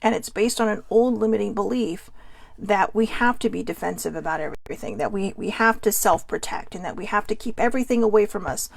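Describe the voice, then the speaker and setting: A woman's voice: mid-range voice, a little fast, vocal fry, no room sound. A woman hosting a candid, rambling self-help talk, openly self-deprecating. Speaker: host.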